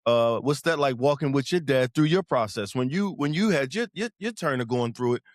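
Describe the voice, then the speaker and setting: A man's voice: medium pitch, lively intonation, fairly quick, no room sound, studio quality. A man hosting a casual podcast chat, rambling and repeating words as he talks. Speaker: podcast host.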